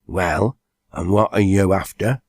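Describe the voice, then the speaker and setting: A man voicing a cross village woman with a Lancashire accent, sharp and scolding. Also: low-pitched, a little slow, dry recording, studio quality.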